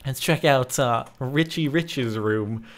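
A man's voice: medium pitch, takes it slowly. A young man hosting a let's-play, casual and wry, rambling as he plays. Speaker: gaming host.

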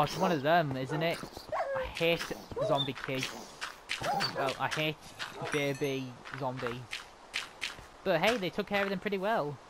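Excitable man narrating gameplay. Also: on the high side, noisy background. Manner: chatty and excitable, reacting aloud to the game. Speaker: gamer. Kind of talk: casual gameplay commentary.

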